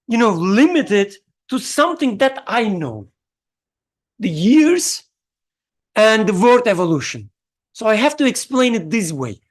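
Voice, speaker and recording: A participant in a religious study group, talking in a halting way with many fillers, searching for the right words and asking and answering their own questions. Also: mid-range voice. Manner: questions the listeners and answers itself.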